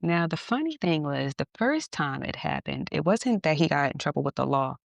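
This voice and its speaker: A woman podcast host telling a personal story in a candid, animated way, laughing at times. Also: low-pitched, moderate pace, vocal fry, dry recording. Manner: animated, candid, acts out dialogue, laughs often.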